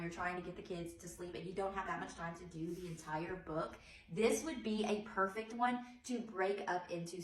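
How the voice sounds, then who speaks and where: An animated preschool teacher, a woman, reading a picture book aloud in a lilting sing-song voice and acting out big, drawn-out yawns. Between pages she gives other teachers practical tips. Her voice rings in a roomy, echoey space. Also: mid-range voice. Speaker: early childhood teacher.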